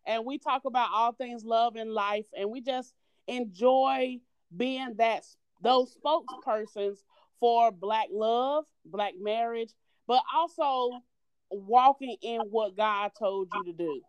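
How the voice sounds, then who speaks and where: Bubbly Southern-accented woman, smooth voice. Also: a little high, slow pace, no room sound. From North Carolina. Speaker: guest. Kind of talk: casual interview.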